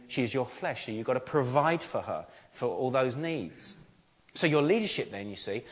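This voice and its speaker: A man's voice: medium pitch, a bit bright. A man, a pastor, preaching a sermon in an earnest, conversational way, with rhetorical questions and frequent restarts.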